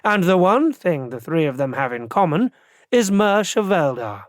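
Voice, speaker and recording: Guy reading as a calm bossy woman investigator, measured, bit higher voice, dry recording. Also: no room sound. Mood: cool. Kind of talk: audiobook character voice.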